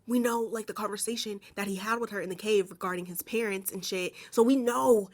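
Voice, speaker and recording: A woman's voice: mid-range voice, fairly quick. A young woman recapping a movie in casual, slangy talk full of "like" fillers and swearing. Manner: chatty, slangy and profane, many "like" fillers.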